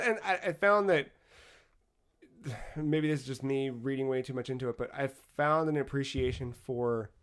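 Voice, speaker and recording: A man co-hosting a podcast, telling a travel story in a casual, animated way with frequent swearing. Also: mid-range voice. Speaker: podcast co-host.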